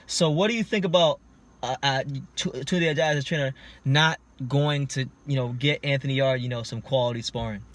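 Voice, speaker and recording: A man hosting a casual boxing talk show, emphatic and building up to loud points. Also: mid-range voice, brisk. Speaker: boxing channel host. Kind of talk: casual podcast chat.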